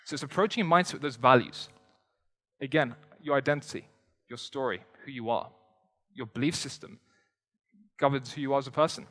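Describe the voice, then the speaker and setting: A young man rattles through a motivational stage talk at a brisk clip. He stays energetic and conversational and tosses joking asides to the crowd. His voice rings out with a long reverb in a big hall. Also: medium pitch. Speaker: motivational speaker. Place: stage before a live audience in a large hall.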